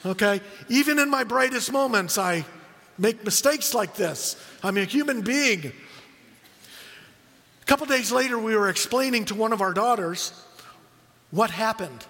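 A middle-aged man preaching a sermon as a pastor, telling stories with animated quoted voices. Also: sits high, unhurried, pauses often, long reverb tail.

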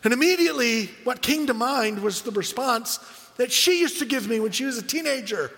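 Middle-aged guy preaching in a church, really high voice, long hall reverb. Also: fairly quick, vocal fry. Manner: storytelling, animated quoted voices. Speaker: pastor. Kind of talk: sermon.

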